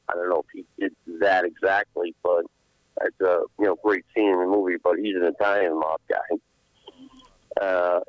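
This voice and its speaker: A man speaking as a guest musician on a radio show, relaxed and hesitant with many fillers. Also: low voice, dry recording, highs cut off. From New York. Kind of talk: casual radio interview.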